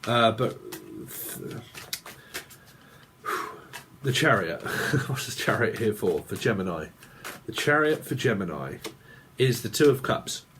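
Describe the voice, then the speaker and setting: A man's voice: fairly low pitch, big pitch swings, slow, long pauses, a bit bright, slight background noise. A man giving a rambling tarot reading, free-associating aloud, muttering strings of names and chuckling to himself. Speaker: tarot reader.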